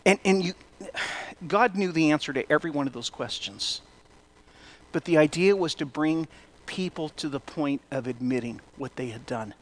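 A middle-aged male pastor with a high voice preaches a relaxed, conversational sermon. He breaks in with wry, self-deprecating asides. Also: moderate pace.

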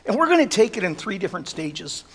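Guy preaching a sermon, kinda high voice, big echo tail from the church hall. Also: very animated, quick pace, slightly rough. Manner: earnest preaching that rises to loud emphatic peaks. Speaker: pastor. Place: church sanctuary. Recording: long reverb of a church hall.

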